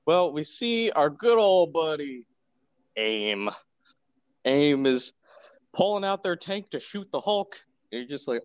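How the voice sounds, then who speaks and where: A man's voice: on the high side, very animated, measured pace, no room sound, lo-fi sound. A man co-hosting a podcast, casually recapping a cartoon episode in a rambling, laid-back way with lots of filler words, over a computer mic on a video call. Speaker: podcast co-host. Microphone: home computer mic on a video call.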